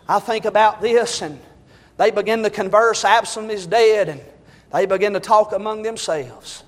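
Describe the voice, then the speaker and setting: A man preaching a fervent sermon, rising to shouts. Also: high-pitched, moderate pace, long reverb tail.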